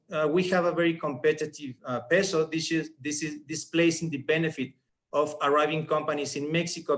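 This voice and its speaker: A man's voice: on the high side, fairly bright tone. Earnest man giving a business talk. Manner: earnest, emphatic, persuasive. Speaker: regional director presenting. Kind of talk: business presentation.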